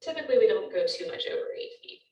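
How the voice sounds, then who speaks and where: A woman's voice: medium pitch, animated, racing, roomy sound, far from the mic, poor audio. A woman teacher giving a recorded lecture, explaining step by step with frequent ums.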